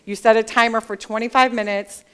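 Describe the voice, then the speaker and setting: A woman author in an onstage interview, telling animated stories and acting out the dialogue. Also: a little high, fairly quick, clean tone. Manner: animated storyteller who acts out quoted dialogue. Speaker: author guest. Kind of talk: conversational interview at a library event. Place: library author event.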